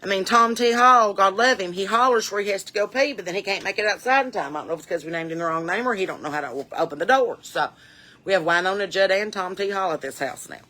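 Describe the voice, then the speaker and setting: A woman's voice: medium pitch, quick pace, sharp tone. A woman giving a chatty, folksy, rambling comic monologue to camera, outdoors on her porch. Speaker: comedian and musician.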